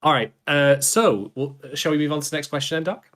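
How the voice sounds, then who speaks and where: A man's voice: a little high, fairly quick, a bit bright. A man co-hosting a casual podcast discussion, chatty, often correcting himself mid-sentence. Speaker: podcast co-host.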